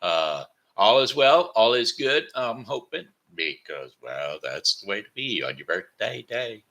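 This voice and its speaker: Tired male home-show host with a low, bright voice, rambling and repetitive. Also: big pitch swings, measured pace. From Missouri, United States. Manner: repeats words, stumbles and corrects himself. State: tired, sleepy. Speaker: host of a daily home broadcast. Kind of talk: rambling casual monologue.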